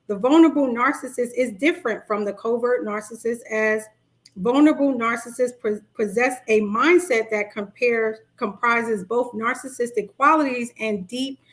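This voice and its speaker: A middle-aged woman with a New York accent, a life coach talking casually on a livestream and greeting her viewers by name. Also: on the high side. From Brooklyn, New York. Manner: chatty, greets commenters by name.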